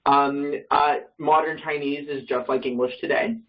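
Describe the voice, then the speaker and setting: A man's voice: on the high side, little pitch movement, moderate pace, distant mic. Hesitant man teaching over a muffled call. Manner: hesitant, with many fillers and self-corrections. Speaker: Bible study teacher. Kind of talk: casual online class explanation.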